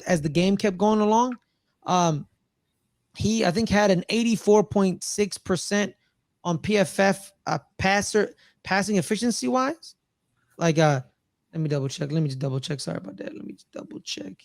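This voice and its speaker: Excitable high-voiced man talking football. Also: dry recording. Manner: rambling, repeats himself, excitable. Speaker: podcast co-host. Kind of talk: casual sports podcast chat.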